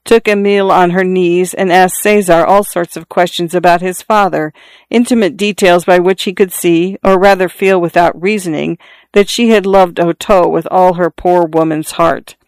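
A narrator reading a literary short story in a measured, even storytelling manner. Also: medium pitch, clean tone, dry recording. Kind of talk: scripted audiobook narration.

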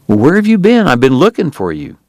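A man voicing a brash young male sheriff who is defensive and quick to exclaim. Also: fairly high pitch, very animated, a little mellow, no room sound, clean studio sound, pitched above the performer's own voice. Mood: flustered. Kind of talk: audiobook character voice.

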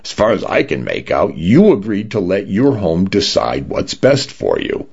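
A man's voice: low-pitched, wildly swooping pitch, normal speed, creaky, a little mellow, slightly rough, dull audio, exaggerated voice. A man voicing an irritated, unhelpful police officer who speaks curtly and dismissively. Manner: curt, dismissive.

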